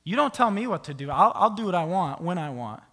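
A man preaching, acting out a zealous, commanding man in a loud, fast voice. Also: sits high, big pitch swings, exaggerated voice. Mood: defiant.

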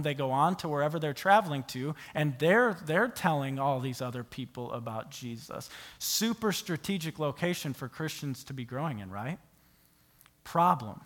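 A man preaching a sermon, telling the story with animated rhetorical questions to his listeners. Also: high voice. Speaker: pastor.

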